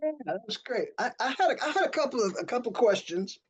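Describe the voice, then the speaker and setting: A workshop moderator on a video call asking a question in a friendly, halting way with several restarts. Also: mid-range voice, animated, slightly rough.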